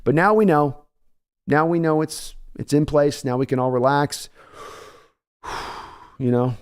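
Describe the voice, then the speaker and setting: A man hosting a casual sports livestream, chatting in a joking, animated way and thanking viewers by name. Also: fairly high pitch, a little slow, smooth. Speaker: sports show host.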